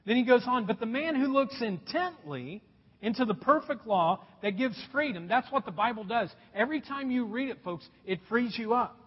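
Brief: high, lively male pastor, slightly husky, preaching in a long-echo hall on a dull recording. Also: normal speed. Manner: emphatic, repeats key phrases, drops to quiet. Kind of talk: sermon. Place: church auditorium.

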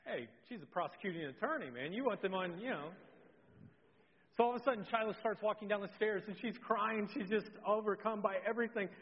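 A middle-aged man preaching a sermon as pastor, telling a family story, animated, and swinging from loud to very soft. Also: high voice, fairly quick. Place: church. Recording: dull sound with long hall reverb.

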